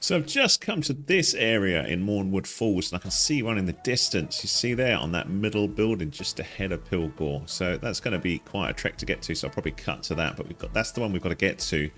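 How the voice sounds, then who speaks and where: A chatty man talks through a gameplay walkthrough in a fairly low voice that leaps up with every little surprise. Faint game music plays underneath him. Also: expressive, a little fast, few pauses, a bit bright. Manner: chatty, easily delighted, frequent exclamations. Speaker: gaming guide host. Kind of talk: casual gameplay commentary.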